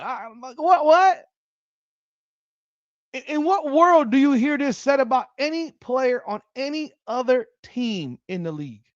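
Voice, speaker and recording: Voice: mid-range voice, no echo, muffled recording. A sports commentary host ranting on a livestream, profane and heated.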